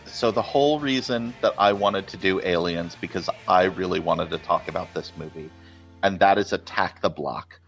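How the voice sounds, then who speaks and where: A man's voice: low voice, normal speed, creaky, a bit bright, faint music behind. A man co-hosting a casual movie podcast, talking enthusiastically and rambling with restarts. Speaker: co-host.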